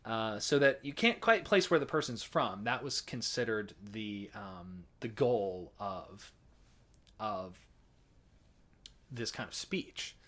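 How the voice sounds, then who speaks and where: A man's voice: fairly low pitch, expressive, takes it slowly, fairly bright tone. An American man giving a casual educational talk about folk songs, chatty and explanatory, often restarting his sentences. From United States. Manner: chatty explaining, frequent restarts and hedging fillers. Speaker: folk song presenter.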